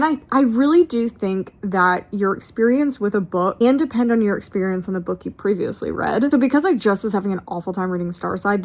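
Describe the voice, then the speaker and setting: A woman in her thirties talks through her reading in a loose, rambling vlog style. She keeps restarting her sentences mid-thought and has hiccups. Her voice sits at an ordinary pitch. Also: a little mellow. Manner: rambling, self-interrupting, with frequent restarts. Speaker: book vlogger. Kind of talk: casual chatty vlog.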